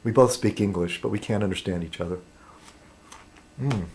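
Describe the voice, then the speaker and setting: A man's voice: lowish voice, fast, darkish tone. Rambling American man vlogging. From United States. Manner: meandering, filler-heavy, self-deprecating. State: talking while eating. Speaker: vlog host. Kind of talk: rambling casual vlog monologue.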